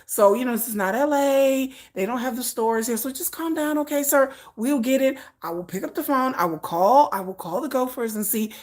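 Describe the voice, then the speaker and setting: A woman voicing a celebrity's assistant who makes odd requests sound reasonable, in a soft, soothing, overly calm manner. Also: a little high, moderate pace, gravelly, pitched below the performer's own voice.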